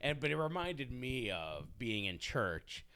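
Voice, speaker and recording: A man's voice: medium pitch, big pitch swings, measured pace, pushed and bright. A man in his forties, a teacher, telling stories in casual podcast chat, often laughing and adding dry sarcastic asides.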